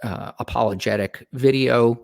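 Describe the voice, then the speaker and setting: A man's voice: medium pitch, moderate pace, creaky, very noisy. A man co-hosting a casual political talk show, ranting in an emphatic, profane way. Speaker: co-host.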